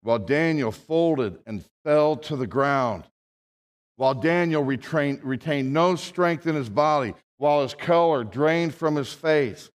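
A man preaching a sermon as a pastor, with dramatic swings from hushed, low reading to loud, raised proclamation. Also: unhurried. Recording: long hall reverb.

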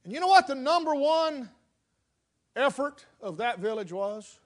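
High-voiced preacher telling a dramatic story. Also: male voice, sing-song, measured pace. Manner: dramatic storytelling, swings between loud and hushed. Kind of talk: sermon.

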